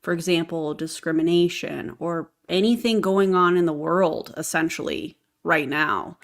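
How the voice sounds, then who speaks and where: A woman's voice: fairly low pitch, unhurried. Sarcastic woman reacting to a video. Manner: sarcastic and exasperated. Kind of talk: reaction commentary.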